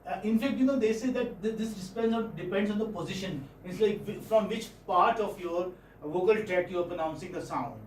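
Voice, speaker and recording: A man with an Indian English accent teaching phonetics in a classroom, often repeating words and checking with his students. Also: sits high. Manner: pauses often, repeats words, checks understanding with "hmm?" and "okay?". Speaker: English professor. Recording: echoey room from far off, faint noise.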